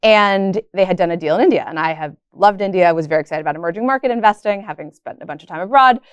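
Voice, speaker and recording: A woman from the Bay Area talks through her career as an interview guest, measured and self-deprecating. Her voice sits low and sounds smooth and clear, in a dry, close recording. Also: dry recording, muffled recording. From Bay Area, California. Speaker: guest, venture capitalist. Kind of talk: casual interview conversation.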